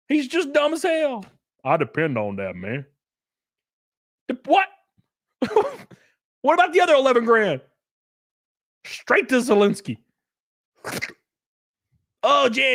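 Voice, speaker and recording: A live streamer in his thirties rants casually to his chat, sarcastic and profane. His voice is very high-pitched and a bit bright, recorded with clean studio sound and no room echo.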